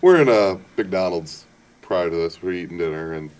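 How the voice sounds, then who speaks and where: A young man from the American Midwest, telling stories with quick laughs in a casual interview. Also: low-pitched, a little mellow, recorded from a distance. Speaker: interview guest, son.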